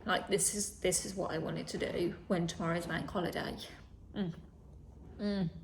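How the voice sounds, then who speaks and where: A woman's voice: fairly low pitch, steady tone, normal speed, a little hiss or hum. Chatty woman telling a story. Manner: chatty, swears, acts out quoted dialogue, often drops to a whisper. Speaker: vlogger. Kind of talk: casual storytelling.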